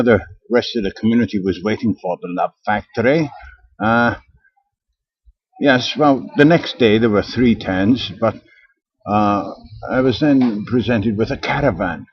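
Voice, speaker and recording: An older man from Britain, talking in a rambling, aggrieved monologue full of hesitations and restarts. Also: fairly low pitch. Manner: digressive, aggrieved, with frequent hesitations. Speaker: vlogger. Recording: dull lo-fi recording.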